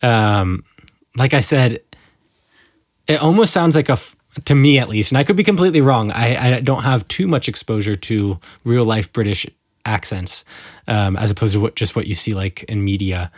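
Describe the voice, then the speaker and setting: A man co-hosting a podcast in casual chat, speaking in a measured, careful way and hedging his opinions. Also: on the low side, no echo, clean studio sound. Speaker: podcast co-host.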